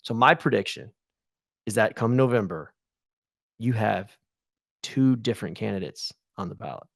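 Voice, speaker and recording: A man's voice: fairly low pitch, normal speed, creaky, dry recording, studio quality. A man in his thirties co-hosting a podcast, talking bluntly in a casual chat and acting out quoted asides. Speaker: podcast co-host.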